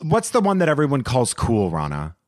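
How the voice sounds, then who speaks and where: A podcast co-host in casual chat, playful and quick with jokes and ad reads. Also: medium pitch, huge pitch swings, darkish tone.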